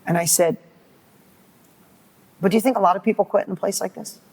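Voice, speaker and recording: A middle-aged man, a guest in an interview, telling a motivational story with lively, acted-out dialogue and quick repeated words. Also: high-pitched, vocal fry. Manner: animated, acts out quoted dialogue, repeats words when excited.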